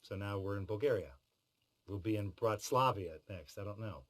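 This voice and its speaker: A man's voice: lowish voice, normal speed, poor audio. A middle-aged man talking in a behind-the-scenes interview about voice work, with a wry, joking manner. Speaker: voice actor in behind-the-scenes feature. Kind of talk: interview talk.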